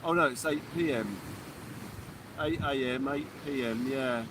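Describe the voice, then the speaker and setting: A man's voice: medium pitch, unhurried, noisy background. A man hosting a live fishing stream outdoors at night, chatting and answering viewer comments. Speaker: fishing channel host. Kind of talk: casual live-stream chat.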